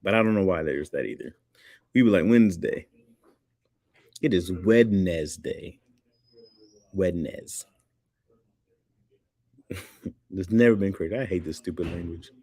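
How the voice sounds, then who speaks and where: A man's voice: sits low, moderate pace, pauses often, darkish tone, dry recording. A man hosting a livestream, joking loosely, laughing often and reading chat comments aloud.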